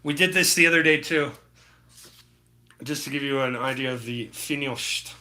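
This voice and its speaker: A man's voice: mid-range voice, normal speed, pushed and bright. A man chatting casually with his live-stream chat while he paints, laid-back and full of slang. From Utah. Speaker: livestreaming painter.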